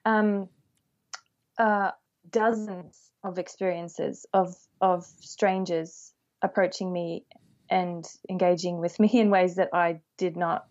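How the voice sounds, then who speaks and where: A woman who grew up in Australia, speaking thoughtfully and in a measured way in a podcast discussion. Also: fairly low pitch, fairly even intonation, darkish tone, dull audio.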